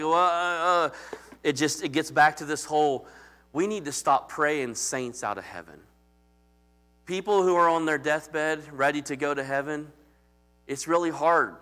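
A man's voice: on the high side, sharp tone. A man preaching as pastor in a conversational, emphatic sermon that calls out to the congregation.

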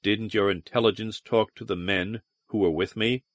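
A man's voice: fairly low pitch, fairly even intonation, moderate pace, no room sound, clean studio sound, natural voice. A man voicing a jaded, sardonic male spacer who talks in a mocking, sullen way in an audiobook. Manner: mocking, sullen, then brooding and dramatic. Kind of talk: audiobook character reading.

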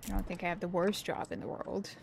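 A woman with a low, level, darkish voice that's quick and creaky plays a horror game on a live stream, chatty and playful, talking back to the characters and slipping into silly voices. Game sound ambience runs under her voice, with a little hiss or hum.

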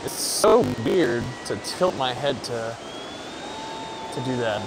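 A young man giving casual, excitable commentary as he plays a VR game, joking, swearing and yelling at the game. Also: medium pitch, slow, over music. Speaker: gaming YouTuber.

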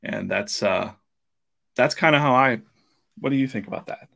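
A man's voice: medium pitch, moderate pace, vocal fry, bright, forceful tone. A man hosting a live podcast, talking casually with many fillers and restarts while drawing. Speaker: podcast host.

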